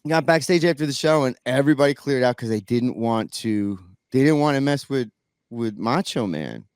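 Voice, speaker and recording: A man's voice: medium pitch, expressive, moderate pace, darkish tone, clean tone, no echo. Guy rambling thru a story, lots of restarts and ums, dry close sound. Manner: rambling, many restarts and fillers. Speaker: guest musician. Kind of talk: casual storytelling.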